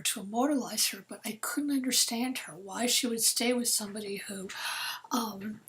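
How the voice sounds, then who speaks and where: A woman in her sixties, a novelist telling a personal story to an audience, earnest and dropping to soft near-whispers at heavy moments. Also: a little high, low-quality recording. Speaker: novelist giving a talk.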